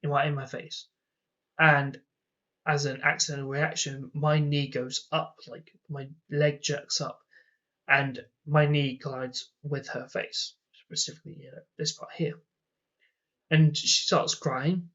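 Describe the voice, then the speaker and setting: A man's voice: mid-range voice, fairly even intonation, a little slow, fairly bright tone. A young man telling personal stories in a casual vlog, rambling and exasperated with many fillers. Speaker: vlogger. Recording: dull lo-fi sound.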